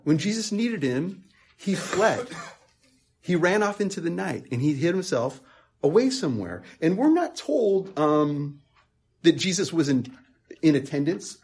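A man's voice: a little high, very animated, measured pace, darkish tone, slightly rough. A man preaching a conversational sermon, earnest and emphatic, repeating words as he thinks aloud and rising into passionate peaks.

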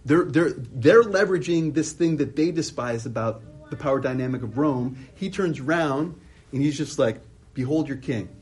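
A man's voice: on the high side, moderate pace, darkish tone, husky. A man preaching an expository sermon, asking many rhetorical questions and often restarting his sentences.

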